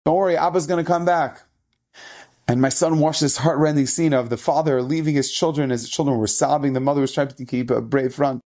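A man's voice: medium pitch, fairly even intonation, fast, few pauses, mellow. A middle-aged man, a rabbi, telling an inspirational story in an earnest, emphatic way, often repeating his phrases.

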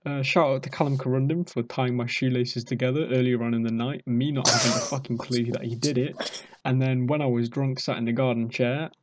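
A man's voice: medium pitch, fairly even intonation, a little fast, slight background noise. A young British man casually telling a rambling, self-mocking party story. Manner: rambling, self-mocking, acts out drunk quotes.

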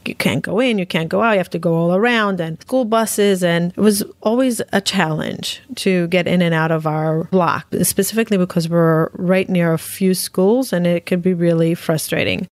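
A woman's voice: on the low side, no echo. A middle-aged woman hosting her own podcast, telling a story in an upbeat way and repeating phrases for emphasis. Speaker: podcast host. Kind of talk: solo podcast monologue.

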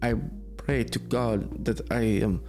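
A man's voice: medium pitch, fairly even intonation, over music, natural voice. Brief: a man playing a haunted cursed older man, put-on Russian accent, broken English, mid-range voice. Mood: weary. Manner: slow, halting, broken English.

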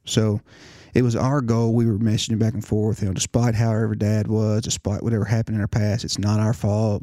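A middle-aged man, a nurse practitioner, earnestly tells his personal story, often restarting his words. His voice is on the low side and mellow, captured in a clean studio with no room sound.

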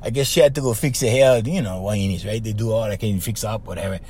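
An older man with a Hawaiian accent, hosting a podcast and telling a story in a slangy, animated way with lots of repeats. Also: lowish voice, quick pace, breathy edge. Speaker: podcast host. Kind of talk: casual storytelling.

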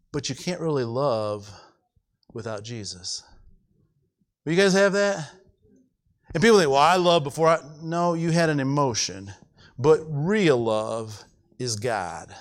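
A man preaching a sermon as pastor, impassioned, stumbling and repeating words, his voice climbing high when he stresses a point. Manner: stumbles and restarts often.

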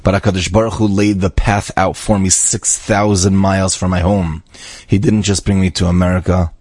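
A man's voice: deep voice, little pitch movement, normal speed, a little mellow, dry recording. A man voicing a grateful young Israeli man giving an earnest speech at a dinner table.

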